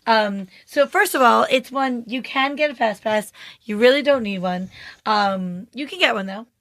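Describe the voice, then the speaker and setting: A middle-aged woman co-hosting a podcast in casual chat. Her voice sits a little high, and she talks with eager enthusiasm and laughs often. She is recorded in a studio. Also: moderate pace, fairly bright tone, no echo. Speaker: podcast co-host.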